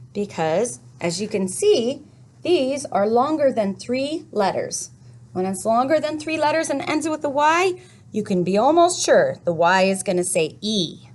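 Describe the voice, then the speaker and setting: Slow, sing-song woman teaching phonics. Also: medium pitch, sing-song. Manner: slow, sing-song storytelling with playful sound effects. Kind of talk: children's phonics lesson.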